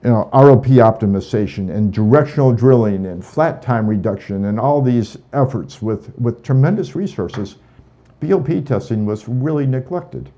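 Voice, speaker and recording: A man's voice: mid-range voice, lively intonation, moderate pace, mellow, highs cut off. A man, a guest on an interview show about drilling engineering, talking casually and earnestly, often repeating words as he thinks.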